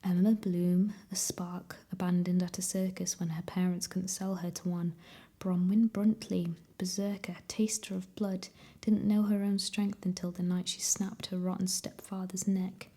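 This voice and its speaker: A woman's voice: mid-range voice, steady tone, unhurried, dark tone. A woman voicing a sinister, mocking shape-shifting man in a whispered role-play reading. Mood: taunting. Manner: whispered, taunting.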